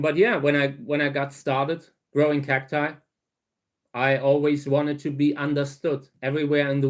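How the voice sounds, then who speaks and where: A middle-aged man from Germany's Saarland with a thick German accent, talking casually to his viewers with many fillers and restarts. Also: medium pitch. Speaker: cactus grower and channel host. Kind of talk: casual talk to camera.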